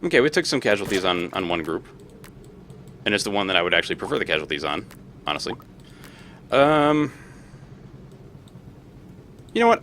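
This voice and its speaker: A young man with a very low voice talks through his strategy out loud, chuckling and muttering to himself as he plays. His pitch swings widely between mumbles and excited bursts, with a faint hum of ambience behind him. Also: brisk, long pauses. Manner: talks to himself, thinking aloud, laughs often. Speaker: let's play host. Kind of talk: casual gameplay commentary.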